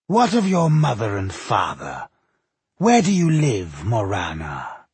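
A man voicing a malicious, cold male elf warrior who speaks slowly, softly and menacingly in an audiobook. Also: fairly low pitch, huge pitch swings, breathy edge, no echo, heavily acted. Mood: coldly mocking. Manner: slow, soft and menacing.

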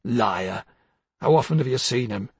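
A man reading the part of a bitter, jealous older husband, accusing and husky, dropping to hushed tones and rising to harsh outbursts. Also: medium pitch, expressive, a little slow, dry recording, pitched below the performer's own voice, exaggerated voice. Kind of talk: dramatic audiobook reading.

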